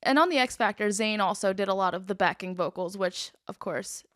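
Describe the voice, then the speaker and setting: A woman in her twenties, a guest on a casual podcast chat, talking in an animated way, laughing often and swearing casually. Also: mid-range voice, fairly quick. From Philadelphia area. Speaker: guest music reviewer.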